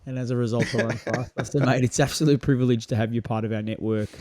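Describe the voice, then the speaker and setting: A man's voice: mid-range voice, steady tone, fast, a little mellow. A man, a podcast guest chatting in an upbeat, friendly way. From Australia. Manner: upbeat and friendly, calls people mate. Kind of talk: casual podcast chat.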